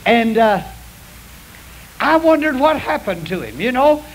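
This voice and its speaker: This pastor's voice is very high-pitched and very animated, though he takes his time. He preaches in a folksy, confessional drawl, sharing stories with his congregation, on a low-quality recording of a hissy old radio broadcast.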